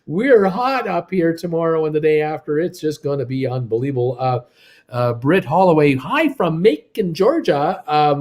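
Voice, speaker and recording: A man with a slightly raised voice hosts a home live stream. He reads out viewer comments and chats in an upbeat, rambling, joking way. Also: a little high. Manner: rambling, upbeat, jokey, talks to his wife off-mic. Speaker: host of a live cruise news stream. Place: home in Creston.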